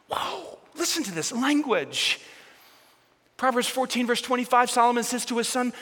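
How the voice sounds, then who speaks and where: A man's voice: extremely high pitch, big pitch swings, normal speed, sharp tone, husky. A pastor preaching a sermon, emphatic and repetitive, calling on his congregation to join in. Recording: long hall reverb.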